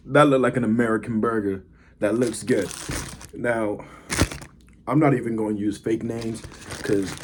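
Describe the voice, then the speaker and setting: A man's voice: on the low side, slight background noise. Laid-back man rambling through a food vlog. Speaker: vlogger. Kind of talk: casual story time and food review.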